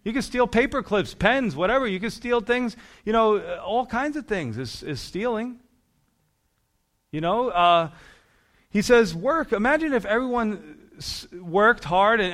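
Give me a male pastor preaching casually, with a fairly high voice. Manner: animated, conversational preaching with laughs. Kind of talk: sermon.

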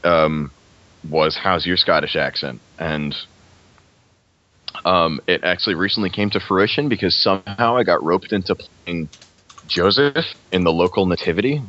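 A man's voice: low voice, moderate pace. A man co-hosting a podcast in casual chat, joking and swearing freely. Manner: joking, swears freely, tries silly accents. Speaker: podcast co-host. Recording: dull lo-fi audio.

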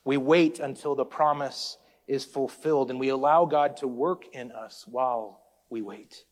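A pastor with a mid-range voice preaches a sermon at an unhurried pace. He calls out to the congregation, his intensity rising and then easing off.

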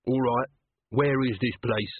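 A man's voice: mid-range voice, steady tone, unhurried, breathy edge, dry recording, phone-quality sound. A man reading an audiobook, voicing a wary crook who mumbles in a guarded way.

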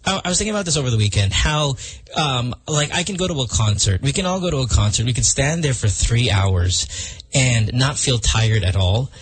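Rambling, lively-voiced man joking on the radio. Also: medium pitch, fairly quick, slightly rough. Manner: rambling, joking, many restarts. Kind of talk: casual comedic chat.

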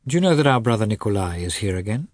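A man reading the lines of a patronizing, learned elder brother in a measured, lecturing way. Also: fairly low pitch, sing-song, no room sound, studio quality.

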